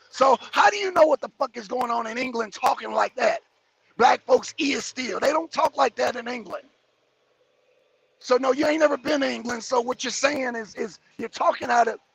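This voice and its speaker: His voice is very high, husky and fairly bright, with vocal fry. This YouTube commentator runs a live stream where he reads out viewers' comments and tears into them, repeating and mocking them in a heated, profane rant.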